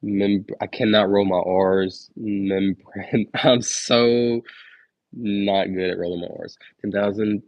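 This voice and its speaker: A man's voice: lowish voice, steady tone, slow, no echo. A young man on a casual livestream counting numbers aloud, laid-back and slangy, chatting to viewers between numbers. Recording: dull lo-fi dry stream audio.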